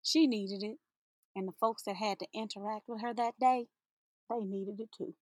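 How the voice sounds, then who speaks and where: A woman's voice: mid-range voice, steady tone, normal speed, no room sound, clean studio sound. A woman teacher giving an inspirational spoken-word monologue, sassy and playful, laughing often and drawing out her words for emphasis.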